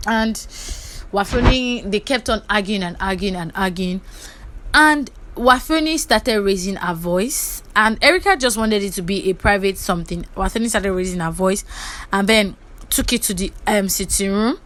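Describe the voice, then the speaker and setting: A young Nigerian woman with a Nigerian English accent, recapping reality-show gossip for her vlog in a lively, chatty way. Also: mid-range voice, normal speed. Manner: lively, acts out the quotes, chatty asides. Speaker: gossip vlogger.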